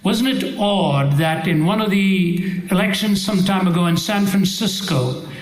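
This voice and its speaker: A middle-aged preacher with a notably high voice delivers an emphatic, rhetorical sermon. He races through some phrases and leans slowly on others. His voice rings with the roomy echo of a large hall. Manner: emphatic, rhetorical, shifts between rapid bursts and slow deliberate stresses.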